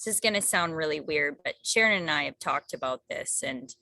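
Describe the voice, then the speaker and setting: Bright-voiced woman sharing in a group. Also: low-pitched, a little fast, no room sound, studio quality. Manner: rambling, many restarts and "right?" tags; animated quoting of others. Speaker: book group member. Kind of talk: casual group discussion.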